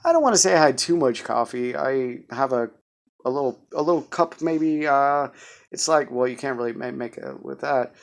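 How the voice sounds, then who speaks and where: A man's voice: mid-range voice, animated, normal speed, gravelly. Rambling, stammering man in his thirties. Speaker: vlogger. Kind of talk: casual vlog update.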